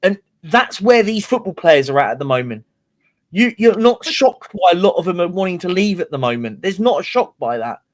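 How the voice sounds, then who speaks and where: Man, podcast co-host, high voice, animated rant, fan chat. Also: moderate pace. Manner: animated, ranting, quotes fans in mocking voices. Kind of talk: casual football fan chat.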